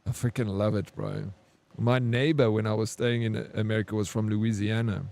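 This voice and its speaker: A man's voice: on the low side, fairly even intonation, normal speed, creaky, a little mellow. Chatty South African man streaming a game. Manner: chatty, frank, laughs easily, swears. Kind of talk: casual live-stream chat with viewers.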